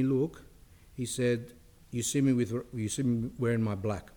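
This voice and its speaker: Middle-aged guy giving a relaxed spiritual talk, chatty, lots of restarts and asides, mid-pitched voice. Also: measured pace. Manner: conversational, with frequent restarts and asides.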